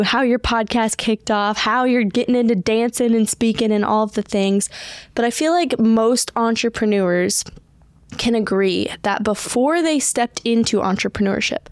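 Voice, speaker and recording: A woman's voice: medium pitch, darkish tone, clean tone, dry recording, studio quality. A woman with a Southern US accent co-hosting a podcast, chatty and enthusiastic as she introduces a guest. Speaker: podcast co-host. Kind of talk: upbeat podcast interview.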